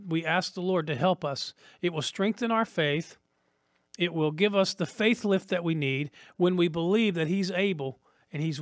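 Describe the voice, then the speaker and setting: A man's voice: a little high, dry recording, clean studio sound. A man preaching a sermon as a pastor, earnest and repetitive, rising to emphatic peaks.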